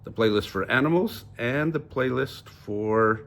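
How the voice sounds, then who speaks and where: An older man reading a children's picture book aloud, gently voicing each character. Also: mid-range voice, unhurried, creaky. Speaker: storybook reader.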